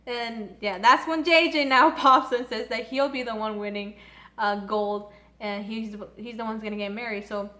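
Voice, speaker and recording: A woman's voice: a little high, fairly even intonation, moderate pace, sharp tone. A young woman recapping an anime episode casually into a phone, chatty and giggly, swearing and saying "like" often. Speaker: anime reviewer.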